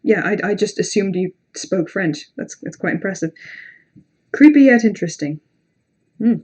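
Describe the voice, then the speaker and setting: A young British woman chats casually on a livestream between readings of horror stories, rambling, swearing and poking fun at herself. Her mid-range voice is husky and darkish in tone, animated, at a moderate pace, with a British English accent.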